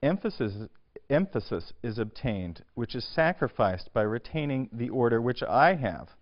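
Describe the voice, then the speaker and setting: A male lecturer speaking to a class in a hall, halting and full of filler sounds as he works through his points. His voice sits at a middling pitch. The recording is dull and lo-fi, as if taped from a lecture hall. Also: very animated. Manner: hesitant, many filler sounds and restarts; clears throat often. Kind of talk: university lecture on poetry.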